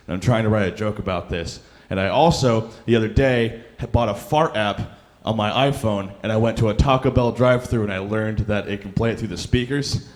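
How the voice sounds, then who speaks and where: A young stand-up comic works through a rambling, self-deprecating set on a club stage mic, using lots of fillers. His voice is fairly low and a little fast.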